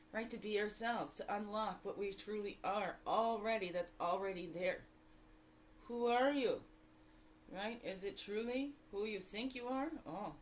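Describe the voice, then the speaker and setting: A woman giving a daily spiritual card reading in a lively, exclamatory way, full of rhetorical questions and repeated phrases. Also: a little hiss or hum, poor audio. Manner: animated, jumping between loud bursts and low asides. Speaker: spiritual guide.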